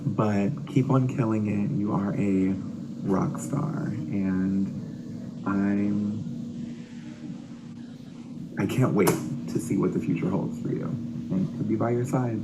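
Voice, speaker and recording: Man, earnest halting message, unhurried, heavy background noise. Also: fairly low pitch, fairly even intonation. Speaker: partner in a recorded video message. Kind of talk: casual recorded message.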